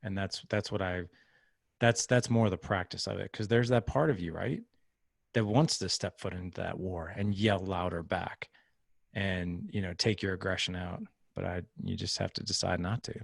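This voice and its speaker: A man's voice: low-pitched, fairly even intonation, moderate pace, creaky, dry recording, studio quality. A man in his thirties, a podcast guest, telling a parenting story in an earnest, casual way and acting out the quoted lines. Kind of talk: casual interview talk.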